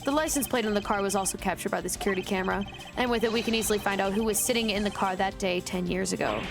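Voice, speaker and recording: A woman reading the lines of a composed male prosecutor in a video game, formal and measured, over game music. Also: medium pitch, creaky, natural voice. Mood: confident. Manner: measured, formal courtroom delivery.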